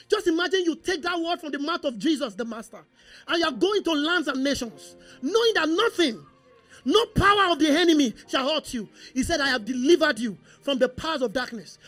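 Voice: sits high, a little fast, faint music behind. A pastor preaching a sermon, repeating phrases and calling on the congregation to respond. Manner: animated, repetitive call-and-response preaching.

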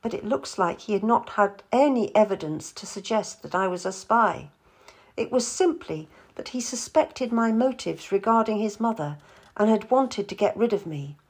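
Lady reading a historical story aloud, calm and measured, pitch moving around a lot. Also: slightly rough. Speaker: narrator. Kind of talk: audiobook narration.

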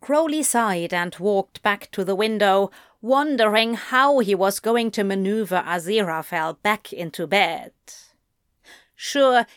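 A woman narrating a story in a measured, even storytelling voice. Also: medium pitch, no echo, clean studio sound. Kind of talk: audiobook fan fiction reading.

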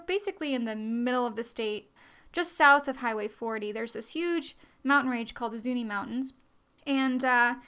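Young woman, podcast host, casual monologue, self-deprecating, rambling, bright tense tone, higher voice. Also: clear, resonant tone.

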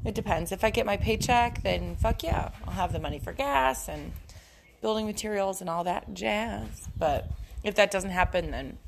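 A woman's voice: mid-range voice, normal speed, gravelly, slight background noise. A young adult woman hosting a casual solo podcast, talking frankly and profanely and often breaking into giggles. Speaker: podcast host.

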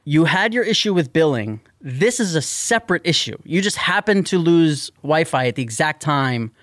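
A man telling a story on a podcast in casual chat, animated and exasperated, swearing often. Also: on the high side, moderate pace, dry recording, studio quality. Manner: animated, profane, exasperated ranting. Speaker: podcast host.

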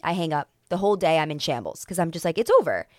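A young woman with a low voice tells a personal story on a casual podcast. She is animated and acts out the other people's lines. The sound is dry and close. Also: fast, dry recording. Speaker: podcast co-host.

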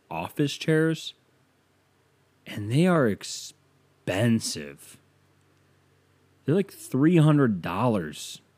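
A man hosting a solo podcast, ranting casually and profanely with loud exasperated outbursts, tired and yawning. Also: on the low side. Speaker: podcast host.

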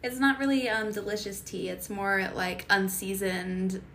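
A woman's voice: medium pitch, measured pace, a bit bright. Blunt, opinionated young woman co-host. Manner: blunt, opinionated, laughs between remarks. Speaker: podcast co-host. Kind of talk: casual chat.

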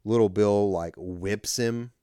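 A man's voice: fairly low pitch, slow, warm tone, smooth, no room sound, clean studio sound. A man co-hosting a podcast, recapping a film plot in a loose, rambling way. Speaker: podcast co-host. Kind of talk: casual chat.

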